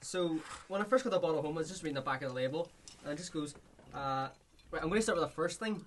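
A man hosting a casual podcast chat, telling an animated story and laughing often. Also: a little high, fast talker, a little hiss or hum. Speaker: podcast host.

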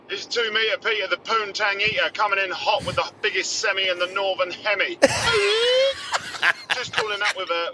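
Cheeky Aussie caller, bright voice. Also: male voice, on the high side, a little hiss or hum, poor audio. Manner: cheeky, boastful, laughing. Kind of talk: casual storytelling on a voice message.

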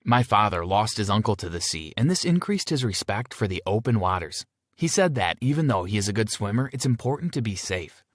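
A man narrating a first-person teen story with an expressive delivery. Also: fairly low pitch, brisk, no echo, clean studio sound.

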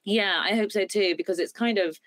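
A woman's voice: medium pitch, brisk, fairly bright tone, dry recording. A woman guest on a podcast, talking thoughtfully in casual chat with many fillers like "like" and "you know". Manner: filler-heavy, thoughtful, lots of "like".

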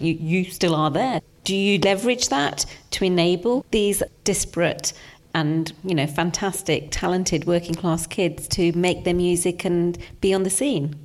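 A woman from the West Midlands of England, a broadcaster hosting a conversational interview and asking thoughtful, probing questions. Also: fairly low pitch.

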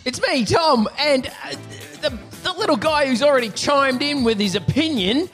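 A man's voice: extremely high pitch, animated, normal speed, a bit bright, faint music behind. A man hosting a podcast in casual chat, playful and jokey. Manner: playful, jokey, mock-stern with kids. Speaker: podcast host.

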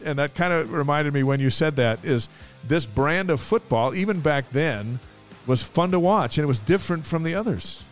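A man co-hosting a casual sports podcast, telling anecdotes in a lively way. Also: a little high, normal speed, faint music behind. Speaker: podcast co-host. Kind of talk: casual sports chat and storytelling.

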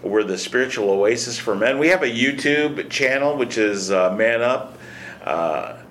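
A man's voice: medium pitch, animated, measured pace, fairly bright tone, a little hiss or hum. An older man hosting a casual men's Bible study discussion, talking in a reflective, folksy way. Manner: reflective, folksy, thinks aloud.

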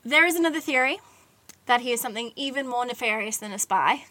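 A young woman with a bright, forceful voice narrates a mystery on a podcast, chatty and full of "like"s. Her pitch sits a bit high, and the sound is close and dry. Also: lively intonation, fast, no echo. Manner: chatty storyteller, many "like"s, giggly asides. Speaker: podcast co-host telling a true-crime story. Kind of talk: casual chat.

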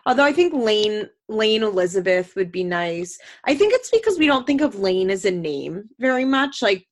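A woman's voice: mid-range voice, big pitch swings, normal speed. Chatty woman on a podcast, lots of likes, laughs easy. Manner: chatty, filler-heavy, giggly. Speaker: podcast co-host. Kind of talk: casual chat.

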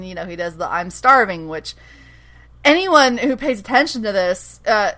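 Bright animated woman recapping a show. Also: medium pitch. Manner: animated recapping, acts out characters' lines, laughs often. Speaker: podcast co-host recapping a TV show. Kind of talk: casual chat.

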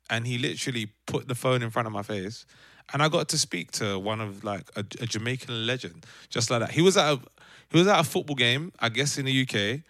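A man, a podcast co-host telling a lively story in casual chat and acting out other people's voices. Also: mid-range voice, fairly quick, no echo, clean studio sound. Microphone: remote call from home.

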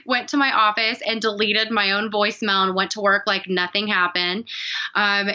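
A woman's voice: medium pitch, sharp tone, lo-fi sound. A woman guest telling a personal story in an earnest, confiding, emotional way. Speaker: podcast guest.

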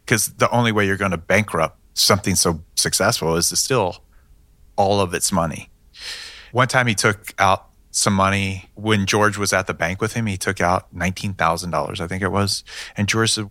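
A man's voice: low-pitched, normal speed, sharp tone, dry recording. A man, a police detective, telling his case in a matter-of-fact way with dry humor. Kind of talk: storytelling interview answers.

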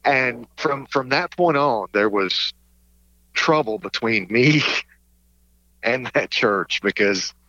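A man speaking as a guest in a casual conversation, talking haltingly with restarts and small chuckles. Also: mid-range voice, lively intonation, bright, forceful tone, no room sound, lo-fi sound. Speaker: guest sharing his testimony.

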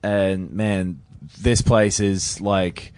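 A young man rambles in a relaxed way as a podcast guest, swearing now and then. His voice is low for a man. The sound is dry and close. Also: drawn-out words, no room sound. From Australia. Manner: rambling, laid-back, swearing. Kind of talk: casual remote chat.

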